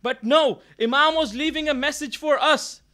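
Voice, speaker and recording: A moral story comes from a man whose voice is very high-pitched, pushed and bright, moving at a normal speed. As a speaker at a religious mourning gathering in a London gathering hall, he gives an earnest storytelling sermon, frequently stopping to correct himself.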